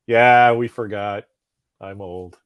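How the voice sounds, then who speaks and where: A man's voice: on the low side, steady tone, slow pace, clear, resonant tone, no echo. A man in his forties co-hosting a podcast, chatting casually in a rambling, self-deprecating way and laughing often. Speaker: podcast co-host. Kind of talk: casual chat.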